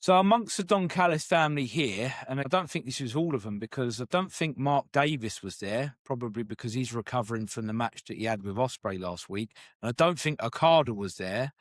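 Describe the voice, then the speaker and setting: A man co-hosting a casual wrestling podcast, relaxed and chatty, laughing often and trailing into fillers. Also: medium pitch, fairly quick, hardly any pauses, no echo, studio quality. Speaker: podcast co-host. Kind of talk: casual wrestling review chat.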